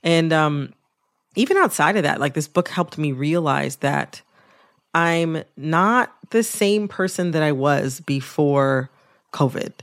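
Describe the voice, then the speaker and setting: A woman hosting a radio interview, speaking in a reflective, conversational way that thinks aloud with pauses. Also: low-pitched, expressive. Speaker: radio show host.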